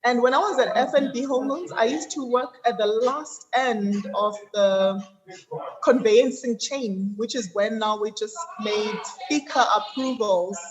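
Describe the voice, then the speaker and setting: A South African woman in her thirties, an attorney being interviewed, telling her background in a measured, detailed way with frequent ums. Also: fairly high pitch, highs cut off, crowd noise. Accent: South African English. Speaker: guest. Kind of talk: interview conversation.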